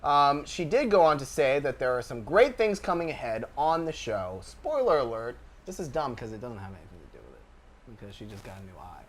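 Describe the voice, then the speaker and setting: A man's voice: mid-range voice, sing-song, brisk. A man co-hosting a pop culture podcast, reading the news in a sarcastic, mocking way. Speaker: podcast co-host. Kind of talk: casual chat, news reading.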